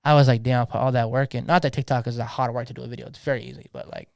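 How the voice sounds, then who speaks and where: A man's voice: medium pitch, steady tone, rapid-fire, gravelly, dry recording, clean studio sound. A young man, talking passionately in a slangy, casual podcast conversation, often repeating words as he gets going. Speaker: DJ guest.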